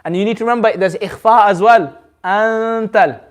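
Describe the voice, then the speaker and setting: A man teaching a community class, patiently drawing out each word slowly, then explaining in quick bursts. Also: high voice. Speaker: Quran recitation teacher. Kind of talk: hands-on group lesson.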